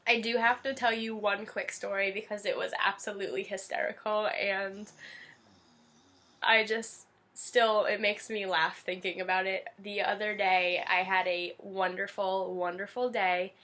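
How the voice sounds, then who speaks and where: A woman's voice: mid-range voice, flat delivery, measured pace, bright, forceful tone. A young woman in her twenties chatting casually to camera, gushing and teary, with lots of fillers. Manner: emotional, gushing, many fillers. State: teary-eyed. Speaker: vlogger.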